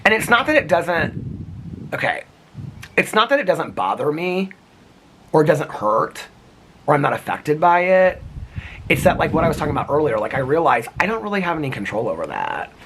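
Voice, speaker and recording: A man's voice: on the high side, very animated, moderate pace, pauses often, a bit bright, slight background noise. A man vlogging outdoors in the cold, talking to camera in an earnest, rambling way with lots of "like" and restarts. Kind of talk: casual reflective talk to camera.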